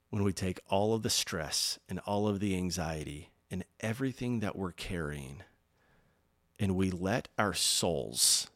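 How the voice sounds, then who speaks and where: A man preaching a sermon, earnest and encouraging, rising loud on key points and dropping soft and slow when he speaks of rest. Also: low voice. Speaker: pastor.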